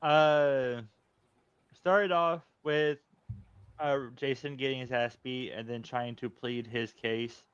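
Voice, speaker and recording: A man's voice: medium pitch, steady tone, slow pace, a bit bright, smooth, no room sound, lo-fi sound. A man recapping the last session of a tabletop game in a hesitant, offhand way. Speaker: player.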